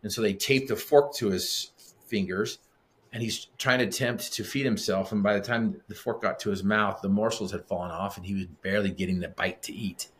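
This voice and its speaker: With a lowish voice, a steady tone and a fairly quick pace, a middle-aged man tells a personal anecdote as a podcast guest. He's a vivid, conversational storyteller, acting out the quoted exchanges.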